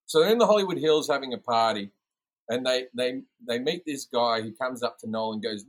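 A man telling an anecdote in a casual podcast chat, animated and swearing freely. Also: medium pitch, brisk, rough recording. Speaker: guest comedian. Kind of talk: casual storytelling.

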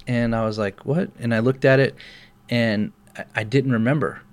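A man's voice: fairly low pitch, normal speed, clear, resonant tone. A middle-aged pastor telling a personal story in casual podcast chat, acting out the people he quotes. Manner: animated storyteller, acts out quoted voices.

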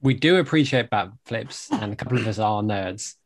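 A man's voice: lowish voice, animated, moderate pace, a little hiss or hum. A man with a northern English accent, co-hosting a podcast with dry, understated humor. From Britain. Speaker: podcast co-host. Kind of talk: casual podcast chat.

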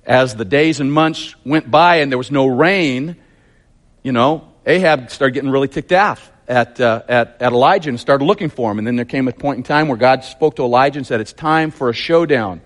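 A man's voice: medium pitch, moderate pace. A man preaching a sermon, telling the story vividly and emphatically with lots of repetition.

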